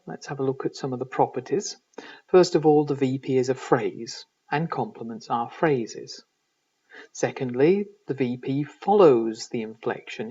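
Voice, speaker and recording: A man giving a recorded university lecture in linguistics, measured and explanatory, often pausing to find his words. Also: mid-range voice, a little mellow, husky. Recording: distant, dull lo-fi recording.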